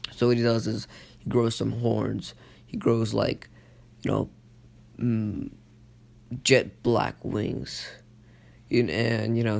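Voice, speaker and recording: A young man telling an improvised fan story in a loose, rambling way, full of fillers and restarts. His voice is creaky and gravelly, at an ordinary middle pitch. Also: darkish tone. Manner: rambling, lots of fillers and self-corrections.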